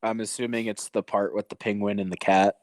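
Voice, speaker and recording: A man's voice: fairly low pitch, level tone, brisk, a little mellow, no echo. A man co-hosting a podcast in casual chat, dropping dry joking asides. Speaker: podcast co-host.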